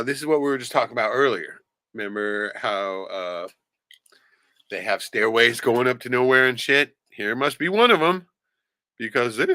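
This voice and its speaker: A man's voice: fairly low pitch, sharp tone, clean tone, no room sound. A man giving sarcastic, profane commentary on video clips as the host of a streamed show. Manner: sarcastic, swears a lot.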